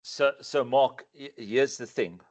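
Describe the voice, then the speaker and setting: A man with a South African accent presenting a sales training webinar, animated and given to repeating his words as he starts a thought. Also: medium pitch, takes it slowly.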